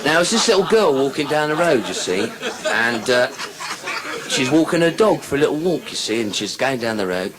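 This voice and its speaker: A man's voice: mid-range voice, very animated, normal speed, over a noisy crowd, poor audio. A man doing live stand-up comedy, telling bawdy jokes with chatty asides. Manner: bawdy joke-telling with "you see" asides.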